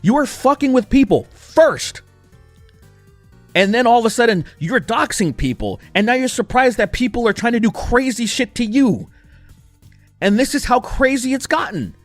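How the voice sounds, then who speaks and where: A young man delivers a heated commentary rant, swearing hard and hammering his points. His fairly high voice swings widely up and down. The sound is dry, with faint music underneath. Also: animated, moderate pace, dry recording. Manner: profane, heated, emphatic. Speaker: commentary YouTuber.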